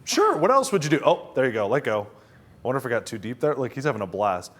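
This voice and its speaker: Playful, lively-voiced TV weatherman. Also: mid-range voice, fast. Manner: playful, chatty, laughs often. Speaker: TV meteorologist co-host. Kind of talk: casual studio chat. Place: TV studio.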